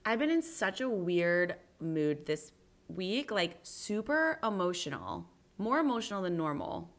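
A young woman in her twenties co-hosts a podcast in loose, casual talk. She rambles, with plenty of fillers, in a slightly low voice. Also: a little slow. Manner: relaxed, rambling, lots of fillers. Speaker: podcast co-host. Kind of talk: casual chat.

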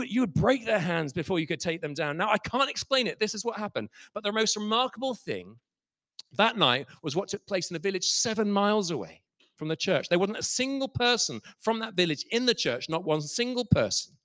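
A man preaching a sermon, telling stories with passion and swinging from soft to loud. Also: sits high, lively intonation, brisk, dry recording. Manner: impassioned, swings from soft to loud, acts out quoted voices. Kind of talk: sermon storytelling.

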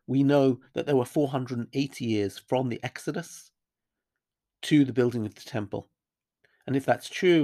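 A man's voice: mid-range voice, mellow. Man teaching a Bible chapter. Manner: thoughtful, with fillers and restarts, Hebrew quotes.

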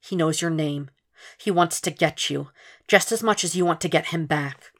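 Woman doing a man's inner voice, insistent and knowing, kinda low. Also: normal speed. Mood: warning. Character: nagging male inner voice, warning, knowing.

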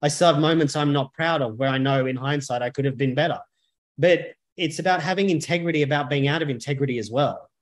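A man's voice: a little high, quick pace. A man, speaking as a men's coach and podcast guest, talking bluntly and emphatically with frequent swearing. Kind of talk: podcast interview conversation.

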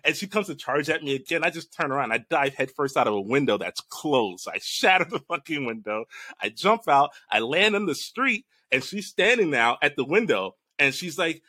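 A man in casual chat recounting a strange dream, animated and laughing, swearing freely. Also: a little high, normal speed, no echo, studio quality.

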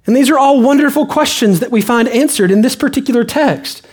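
A man's voice: very high voice, fairly quick, slightly rough. A man preaching a sermon as pastor, emphatic and repetitive. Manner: emphatic preaching with repeated phrases. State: out of breath.

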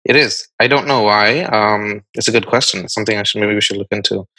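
A male podcast host with a low voice and a bright, forceful edge to it. He talks in an easygoing, friendly way and thinks aloud as he chats. The sound is close and dry. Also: fast, no echo, poor audio. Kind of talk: casual conversational interview.

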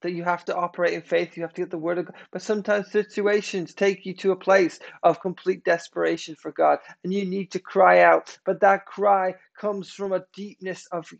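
A man preaching a sermon, emphatic, swinging between loud declarations and hushed, slowed passages. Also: sits high, little pitch movement, gravelly, highs cut off.

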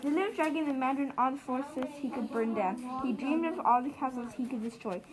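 Woman, children's book read-aloud, slightly high voice, steady, voices chattering behind. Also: brisk, a crowd in the background, low-quality recording. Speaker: storybook reader.

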